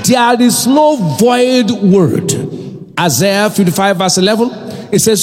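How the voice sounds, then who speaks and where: A male pastor with a high-pitched voice, preaching with force and firing questions at the congregation for them to answer. His words ring out in a large church hall with a long, lingering reverb. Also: a little slow, soft background music. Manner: emphatic preaching, quizzing the congregation. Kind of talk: sermon.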